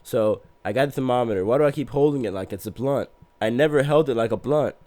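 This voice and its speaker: A man's voice: medium pitch, quick pace, darkish tone, dry recording. A man as a podcast guest, telling a long casual story in a rambling, self-mocking way and laughing through his words.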